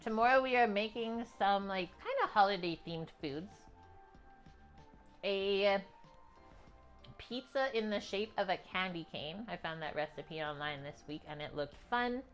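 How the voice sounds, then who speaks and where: A woman's voice: medium pitch, unhurried, faint music behind. A woman from Canada hosting a cooking livestream from her home kitchen, talking in a loose, chatty way with lots of filler words. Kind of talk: casual stream chat.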